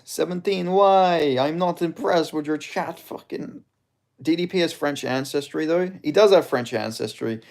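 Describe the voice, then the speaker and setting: A man chatting casually on a live stream, answering viewer questions in a loose, rambling way. His voice sits at an ordinary middle pitch. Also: darkish tone.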